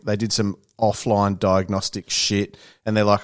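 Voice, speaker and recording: A man's voice: lowish voice, flat delivery, unhurried, hardly any pauses. An Australian man in casual podcast chat, swearing freely and acting out the people he quotes. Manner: swears often, acts out quoted dialogue.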